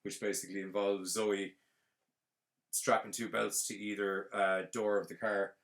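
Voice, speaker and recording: A man, hosting a podcast and retelling a film plot in a casual, rambling, animated way full of fillers. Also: fairly low pitch, normal speed. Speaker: podcast host.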